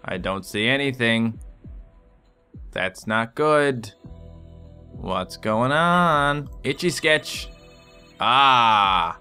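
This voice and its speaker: A man giving excitable let's play commentary as he plays, swearing and yelling at his patients in a surgery game. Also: mid-range voice, extremely slow, long pauses, faint music behind. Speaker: gaming video host.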